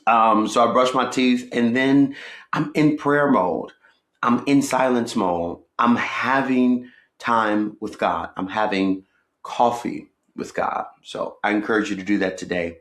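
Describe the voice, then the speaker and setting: A man hosting a podcast who talks through faith in a casual, playful way, moving between jokes and gentle encouragement. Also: medium pitch, measured pace, reverberant. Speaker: podcast host. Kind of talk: casual devotional talk.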